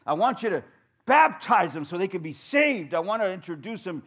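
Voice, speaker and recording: A man's voice: medium pitch, measured pace, a little mellow. A man voicing his elderly mother, a firm, devout woman who scolds her grown son with fondness. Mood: excited.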